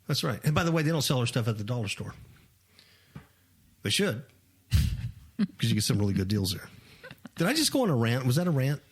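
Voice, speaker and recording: A man's voice: medium pitch, very animated, a little fast, pauses often, breathy edge. A man co-hosting a talk radio show, ranting animatedly with frequent laughs. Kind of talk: opinionated talk radio chat.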